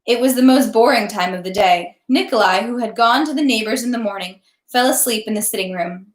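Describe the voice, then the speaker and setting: A woman reading a classic novel aloud at a steady pace, now and then stumbling and correcting herself. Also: fairly high pitch, fairly quick. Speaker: audiobook reader. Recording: echoey room.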